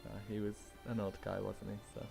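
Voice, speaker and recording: A man with a Northern English accent chatting calmly over a racing game and reading out setup numbers like a race engineer. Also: on the low side, fairly quick, vocal fry, music in the background. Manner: calm, reads out numbers and setup advice. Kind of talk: casual chat while gaming.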